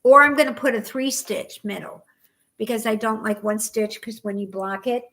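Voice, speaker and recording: A middle-aged woman co-hosting a knitting podcast in casual chat, ranting with bursts of loud exasperation. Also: fairly high pitch, normal speed. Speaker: podcast co-host.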